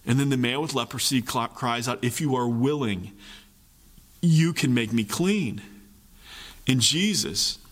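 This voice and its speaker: A man preaching a sermon, animated, repeating phrases for emphasis and acting out voices. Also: medium pitch, a little slow, long pauses, big-room sound. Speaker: pastor.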